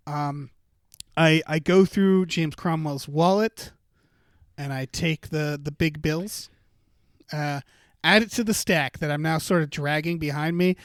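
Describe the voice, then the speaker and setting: A man's voice: fairly high pitch, unhurried, clear, resonant tone, no echo, clean studio sound. A man co-hosting a podcast, improvising a comic story with lots of fillers and hesitations. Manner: rambling, hesitant, filler-heavy narration. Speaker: podcast co-host. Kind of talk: improvised comedic storytelling game.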